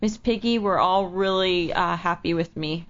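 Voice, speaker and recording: A woman's voice: on the low side, normal speed. Woman guest on a radio show, blunt n jokey, laughs a lot, dull lo-fi audio. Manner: blunt, joking, laughs often. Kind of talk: casual interview chat.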